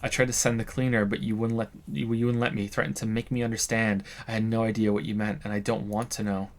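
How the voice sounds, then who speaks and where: A man's voice: fairly low pitch, level tone, fast, lightly acted. A man reading an exasperated ex-bar manager woman. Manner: weary, blunt reproach. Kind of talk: reading game dialogue aloud.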